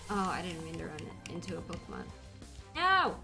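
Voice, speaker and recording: A woman's voice: on the low side, very animated, a little fast, gravelly, bright, forceful tone, faint music behind. A young woman streaming a game, chatting casually and rambling with frequent giggles. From United States. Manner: giggly, laughs often, rambling. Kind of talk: casual chat while playing a game.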